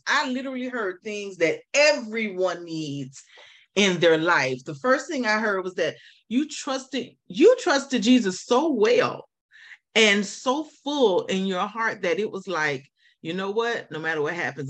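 A woman hosting a faith interview, asking questions and reflecting in an animated way. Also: mid-range voice. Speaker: host. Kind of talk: faith talk show interview.

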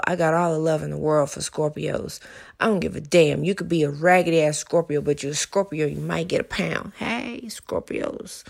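A woman giving a casual monologue to viewers, blunt and profane, swinging between loud ranting and low, musing talk. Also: vocal fry.

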